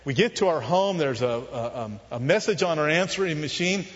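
A man telling a personal testimony as a sermon, in an earnest, confessional storytelling manner that often drops soft and low. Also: expressive, normal speed. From Southern California. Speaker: preacher telling his testimony. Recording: muffled, with long hall reverb.

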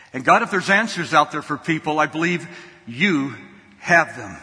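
A man's voice: on the high side, pushed and bright, slightly rough. A man preaching a sermon, telling a folksy story and often repeating his words. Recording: long hall reverb.

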